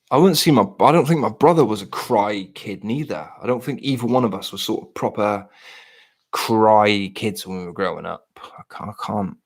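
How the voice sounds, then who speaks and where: A man's voice: lowish voice, husky. A British man in his late thirties to forties, chatting casually and ramblingly to his live stream viewers, self-deprecating. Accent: British English.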